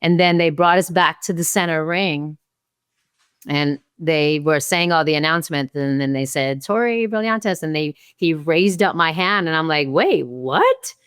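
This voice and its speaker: Woman in her 60s, interview guest, lowish smooth voice, animated storyteller. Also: normal speed, no room sound, clean studio sound. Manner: lively storyteller who acts out her own past thoughts. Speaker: podcast guest, martial arts champion.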